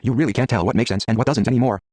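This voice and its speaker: A man reading a text adventure game aloud in a brisk, matter-of-fact way. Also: medium pitch, a little mellow, dry recording.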